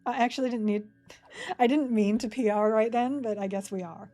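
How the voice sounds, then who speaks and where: A woman in her forties from Sydney with an Australian accent softened by years in America, chatting casually with her audience while she plays a game and answering chat between moves, her throat a bit dry. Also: on the high side, steady tone, normal speed, faint music behind. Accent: Australian, partly Americanized. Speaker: game streamer. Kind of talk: casual live-stream commentary while playing.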